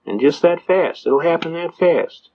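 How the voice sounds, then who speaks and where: A man with a fairly high voice lectures on constitutional law through folksy courtroom anecdotes. He acts out the quotes with plenty of animation and laughs often. The recording is muffled and lo-fi. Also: unhurried, a little mellow. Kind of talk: storytelling lecture.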